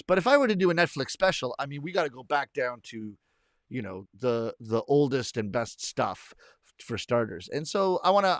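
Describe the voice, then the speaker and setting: A man's voice: medium pitch, no echo. Chatty man with a dry close sound. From Canada. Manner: rambling, self-correcting, chuckling. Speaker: comedian hosting a weekly live stream. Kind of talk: casual chat reading viewer comments.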